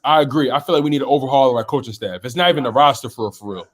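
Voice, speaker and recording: A man's voice: mid-range voice, very fast. A man hosting a casual sports talk live stream, reading viewer comments aloud and reacting to them.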